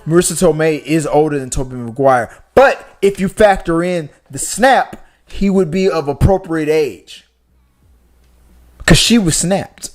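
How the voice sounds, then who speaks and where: A young man hosting a podcast, chatting casually and rambling, with restarts and swearing. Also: medium pitch. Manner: rambling and animated, with profanity and restarts. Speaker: podcast host. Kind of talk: casual chat.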